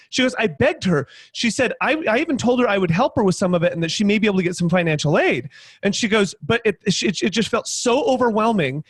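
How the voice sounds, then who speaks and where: Man, high voice, dry close sound, energetic storyteller who acts out dialogue and keeps restarting his sentences. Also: fast, dry recording. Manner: lively, acts out both sides of dialogue, many restarts. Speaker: guest panelist, sales trainer. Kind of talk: animated storytelling on a video panel.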